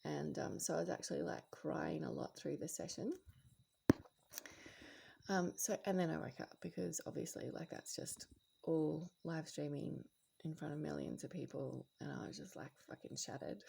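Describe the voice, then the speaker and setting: Her voice is low, gravelly, and a bit rough, moving at a moderate pace. This spiritual vlogger talks casually late at night, reflective and meandering, full of fillers and fresh starts, occasionally lowering to a gentle whisper.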